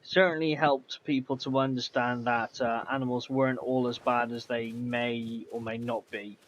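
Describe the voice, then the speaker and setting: Streaming a video game, a man speaks at a normal pace with a mid-range voice and flat delivery, and there is slight background noise. His casual gameplay commentary rambles as he chats, reading messages from his chat and responding. The audio is slightly dull, with faint music in the background.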